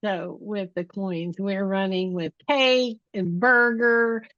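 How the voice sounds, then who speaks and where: A woman chimes in on a relaxed livestream in a chatty, friendly way. Her remarks are quick and conversational. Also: mid-range voice, muffled recording. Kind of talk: casual livestream chat.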